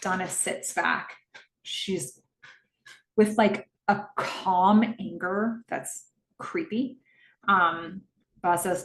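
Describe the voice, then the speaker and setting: A woman's voice: fairly low pitch, steady tone, drawn-out words, pauses often, roomy sound. A woman hosting a podcast, recapping a TV episode scene by scene in the present tense and voicing the characters' lines as she goes. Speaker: podcast host.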